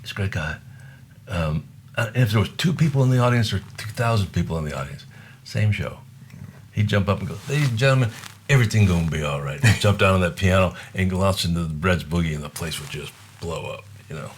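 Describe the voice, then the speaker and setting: There's a little hiss or hum under this older man's low-pitched, fairly quick voice. A guest musician from Buffalo, New York, he tells loose, wandering stories in conversation and performs the voices of those he mentions.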